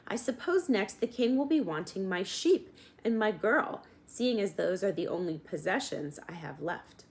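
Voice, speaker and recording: A woman's voice: medium pitch, lively intonation, normal speed, creaky. A woman voicing a greedy, bitter old man with a whining, indignant way of talking.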